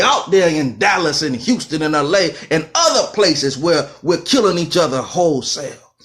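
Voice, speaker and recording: A man lecturing with fire and rhythm, stacking repeated phrases to drive each point home. His voice sits somewhat high and swings widely in pitch. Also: a bit bright. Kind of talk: impassioned lecture.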